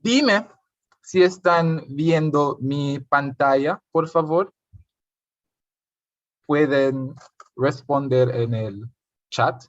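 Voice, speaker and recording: A man's voice: a little high, slow, long pauses, no echo, dull audio. Jamaican man tutoring Spanish on a call. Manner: mixes English and Spanish, quizzes students. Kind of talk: online revision lesson.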